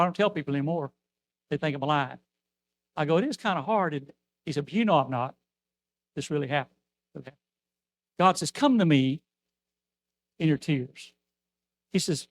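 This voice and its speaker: A man's voice: a little high, no echo. Older male preacher, dry close sound. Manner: storytelling preacher, swings from loud to soft. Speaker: outreach minister. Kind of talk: sermon.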